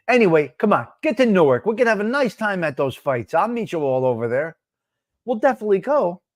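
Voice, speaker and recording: Hosting a relaxed live stream, a man with a fairly high voice keeps chuckling as he talks back to his chat, full of animated energy. The sound is close to the mic, dry, with no echo.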